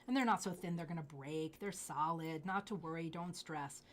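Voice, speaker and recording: A woman hosting a live jewelry sales show, gushing over pieces and dropping into hushed asides. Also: low-pitched, moderate pace. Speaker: jewelry live-stream host.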